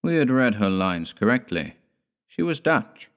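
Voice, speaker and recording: A man reading a horror story aloud in measured, dramatic storytelling. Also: medium pitch, very animated. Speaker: narrator. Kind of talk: scripted horror audiobook narration.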